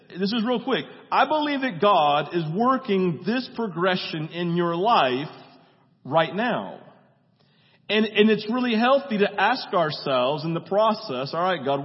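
A pastor with a high voice delivers a relaxed, conversational sermon, often checking in with the congregation and briefly voicing the scenes he retells, including movie dialogue acted out in quick voices. A long hall echo surrounds him, and the sound is dull and muffled.

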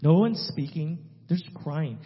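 A man, a missionary speaking to a church, telling a story in an emphatic way that swings between loud and hushed. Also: fairly high pitch, a little slow. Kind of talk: animated testimony storytelling. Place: church sanctuary. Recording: reverberant hall, dull lo-fi sound.

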